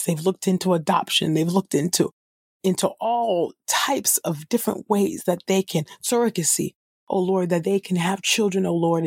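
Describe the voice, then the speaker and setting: Her voice is fairly low, darkish, and slightly rough, captured in a dry, clean studio recording. She reads from the Bible and then prays fervently and spontaneously, repeating "oh God" and restarting phrases.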